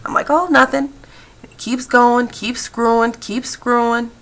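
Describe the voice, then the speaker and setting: A woman voice interpreter speaking a personal story told in sign language, with halting, repetitive phrasing and frequent fillers. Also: fairly high pitch, completely flat delivery.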